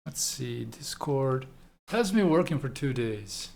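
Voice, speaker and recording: Slow-talking man muttering on a livestream. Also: medium pitch, expressive, creaky, a little mellow. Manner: muttering, easily annoyed, talks to himself while fixing things. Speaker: art livestream host. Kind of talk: casual livestream chat.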